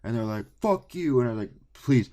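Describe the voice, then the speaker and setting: A young man with a lowish voice co-hosts a casual podcast. He tells stories in an animated, profane rush and acts out both sides of his own phone calls. It is loose, unscripted chat. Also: fast, slight background noise. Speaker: podcast co-host.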